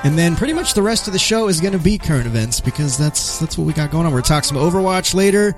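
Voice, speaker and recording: A man's voice: fairly high pitch, expressive, quick pace, music in the background. Upbeat man hosting a radio show. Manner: upbeat, announcer-like segues.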